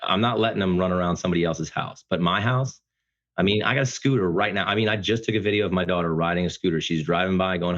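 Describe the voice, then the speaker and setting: A man speaking as a podcast guest, talking about fatherhood in an earnest, emphatic, loud-voiced way. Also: sits low, fast talker, dull audio. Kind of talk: casual interview conversation.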